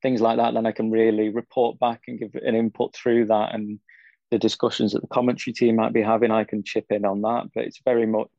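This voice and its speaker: A young Englishman chats in a gravelly, flat, low voice, rambling easily with lots of fillers. The sound is dull and lo-fi, and the room is dry with little echo. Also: a little fast. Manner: easygoing, rambling, frequent fillers. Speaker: cycling pundit guest. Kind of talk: casual interview chat.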